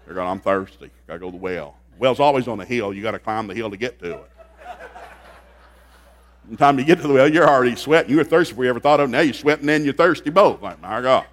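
A man's voice: expressive, fast talker. Folksy joking preacher man. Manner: folksy, joking, swings from low asides to loud outbursts. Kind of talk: comedic sermon. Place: church service.

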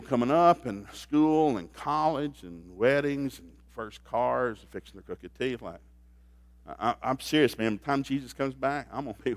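A middle-aged preacher man delivers a joking, folksy sermon. His voice is mid-pitched and sits dry and close to the mic. He drops to quiet asides, then rises to loud bursts. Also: no room sound. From grew up in a blue-collar factory family. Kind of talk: humorous marriage sermon.

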